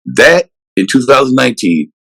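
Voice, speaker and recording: A man's voice: medium pitch, big pitch swings, normal speed, creaky, a bit bright, low-quality recording. A man, a police chief answering interview questions earnestly and emphatically, often restarting his sentences. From South Carolina, USA.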